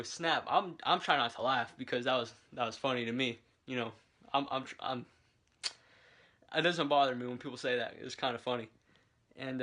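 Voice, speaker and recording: A man's voice: medium pitch, bright, forceful tone. A young man vlogging casually from his bedroom, rambling and chatty, filming on a handheld camera. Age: young adult. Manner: rambling, chatty, lots of fillers. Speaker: vlogger and military recruit.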